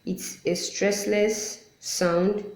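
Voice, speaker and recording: Slow, patient woman teaching. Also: medium pitch, little pitch movement, darkish tone. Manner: patient, repeats sounds to demonstrate them; apologetic asides. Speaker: Quran recitation teacher. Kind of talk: explanatory lesson. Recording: roomy echo.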